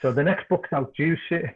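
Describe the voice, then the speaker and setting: A middle-aged man from Liverpool with a Scouse accent, a podcast guest and author telling animated anecdotes in casual chat. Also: fairly high pitch, measured pace, husky. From Liverpool, England. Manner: animated anecdotes, repeats words when excited. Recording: tinny phone-like call line.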